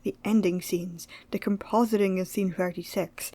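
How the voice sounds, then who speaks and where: A young woman narrating her own animation project in a calm, reflective vlog voice. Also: medium pitch, normal speed, no room sound. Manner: flustered, exasperated, laughing and near tears. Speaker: animator vlogger. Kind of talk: vlog narration and screen-recorded reactions. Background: background music.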